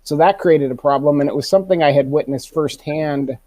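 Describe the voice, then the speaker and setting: Mellow-voiced man, from Alaska. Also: on the high side, a little fast, no echo, low-quality recording. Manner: conversational, thinking aloud with fillers. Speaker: ballot reform campaigner. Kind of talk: panel discussion answer.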